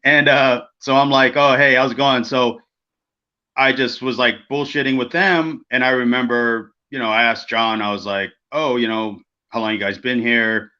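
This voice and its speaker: Man, podcast co-host, animated storyteller who swears freely, bright tone. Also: mid-range voice, moderate pace. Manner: animated, acts out quoted people, swears freely. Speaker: podcast co-host, former wrestler. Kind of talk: casual storytelling. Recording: dull lo-fi podcast audio.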